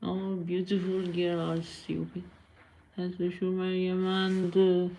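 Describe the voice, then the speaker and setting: A woman's voice: fairly low pitch, monotone, takes it slowly, mellow, slight background noise. A woman live streamer chatting casually with viewers, blunt and scolding, answering comments and switching between languages.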